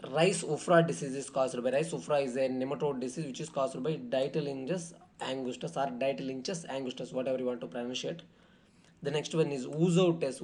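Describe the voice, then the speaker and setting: A man's voice: mid-range voice, darkish tone. A man going through exam questions in a lecture, with many fillers and frequent self-corrections. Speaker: exam tutor.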